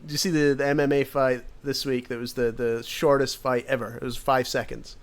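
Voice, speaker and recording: A man co-hosting a casual podcast chat, relaxed and wry as he recounts fight clips. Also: medium pitch, fairly quick. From Ireland. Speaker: podcast co-host.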